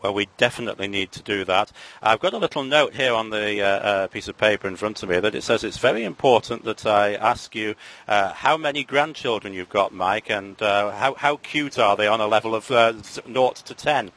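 A man's voice: on the low side, fairly quick, a bit bright, low-quality recording. An English man hosting a podcast interview, talking with many fillers and restarts. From England. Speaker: podcast host. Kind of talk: casual interview chat.

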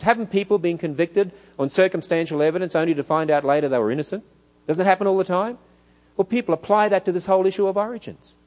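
Australian man preaching, fairly high voice, lively questioning, muffled church hall recording. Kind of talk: church lecture.

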